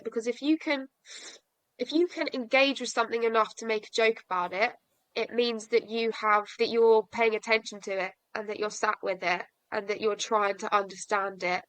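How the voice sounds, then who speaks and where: A woman's voice: on the high side, a bit bright, clean tone, dry recording, low-quality recording. A young woman telling a personal story to a podcast host, frank and self-mocking, laughing through sad memories. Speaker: podcast guest.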